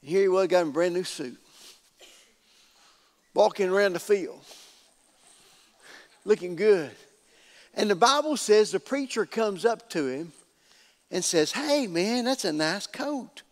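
A man preaching in a folksy, animated storytelling way, often repeating words. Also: high voice, measured pace, pauses often. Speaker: pastor. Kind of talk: storytelling sermon. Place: church sanctuary. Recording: reverberant church hall.

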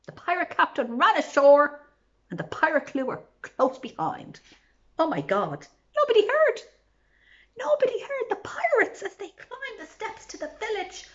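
A librarian reads a children's picture book in a high, sing-song voice that swoops up and down. She takes her time and asks her young listeners questions. The recording is a little dull and lo-fi. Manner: animated and playful, asking the listeners questions and whispering for suspense.

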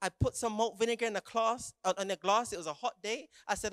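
A man's voice: high voice, steady tone, fast talker, a bit bright, smooth, dry recording, studio quality. A young adult man preaching a dramatic sermon to young people, retelling scenes vividly with stammered restarts and prompts for the audience to join in.

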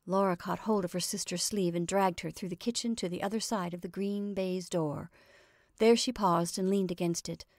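A woman storyteller reading a classic short story aloud in a measured narration. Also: lowish voice, fairly even intonation, darkish tone, no room sound, studio quality.

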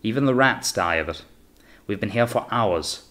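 A man's voice: on the low side, lively intonation, normal speed, fairly bright tone. A man playing a bitter, fearful diplomat. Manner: bitter, anxious.

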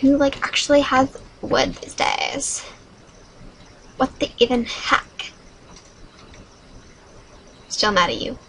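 A woman hosting a solo game video, chatting dramatically with sudden high squeals. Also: expressive, takes it slowly, creaky, long pauses, noisy background. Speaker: gaming channel host.

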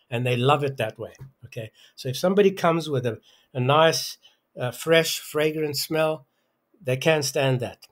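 A man explaining a calculus proof in an angry, abusive rant, hurling insults and leaning on "okay?". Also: a bit bright. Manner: abusive, insulting, pitch rising in outbursts; hesitant restarts, repeated "okay?". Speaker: self-styled math lecturer. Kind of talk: angry math rant over a worked example.

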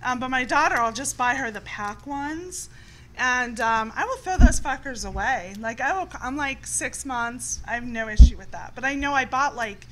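A woman's voice: high voice, expressive, normal speed, a bit bright, a little hiss or hum, poor audio. A middle-aged woman hosting a frank, casual chat show and swearing freely. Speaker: host.

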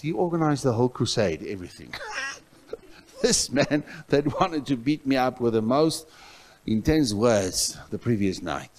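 A male pastor from South Africa preaching a sermon in a church, telling a story with loud outbursts that drop to soft asides. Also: mid-range voice, very animated, normal speed.

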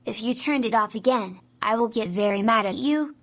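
Angry computer error program, foul-mouthed, threatening, higher pitch, synthetic woman's voice. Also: normal speed, fairly bright tone. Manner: scolding, threatening, swears.

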